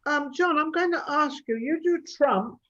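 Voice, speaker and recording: A woman's voice: sits high, moderate pace, a bit bright. A woman hosting an interview talk show, encouraging her guests with affirming interjections. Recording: dull lo-fi audio.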